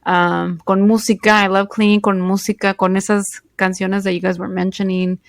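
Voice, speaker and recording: Woman podcast co-host, mid-pitch, close dry mic, heartfelt casual chat. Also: flat delivery, brisk, no echo.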